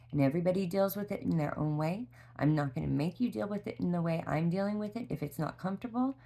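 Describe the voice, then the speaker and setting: A tired mother speaks in a low voice with a gravelly, creaky edge, telling her story candidly in a vlog. Her talk rambles with heartfelt restarts. The fatigue is audible. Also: darkish tone. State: exhausted. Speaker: mother sharing a parenting story.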